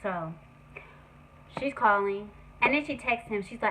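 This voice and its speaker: A young woman telling a story on her vlog, animated and profane in a casual way. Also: mid-range voice, unhurried, slight background noise, poor audio. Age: young adult. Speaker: vlogger.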